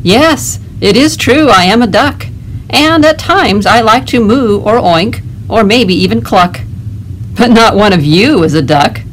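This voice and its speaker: A woman voicing a cheerful, silly male puddle duck in a storybook reading, in a bright, playful way. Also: a little high, expressive, a little slow, a little hiss or hum, poor audio.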